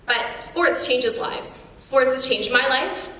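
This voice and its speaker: At a girls' sports awards, a woman guest speaker addresses the audience directly with an earnest, encouraging motivational speech. Her voice sits high and fairly bright and she speaks slowly, recorded from far off in an echoey hall with slight background noise.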